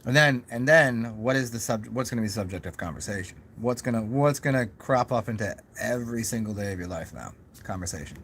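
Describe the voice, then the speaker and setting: A young man vlogging from home at an ordinary pitch, thinking out loud in a loose, meandering way full of restarts and asides. A faint ambient hum sits under his voice. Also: animated, a little fast. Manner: rambling, musing, many restarts and asides. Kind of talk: casual rambling monologue.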